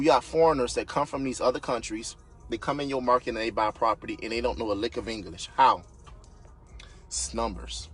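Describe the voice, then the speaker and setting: A man on a live stream, a real estate investor and business coach giving an unscripted, fired-up motivational rant, yelling and swearing bluntly. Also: mid-range voice. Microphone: phone or webcam on a social media live stream.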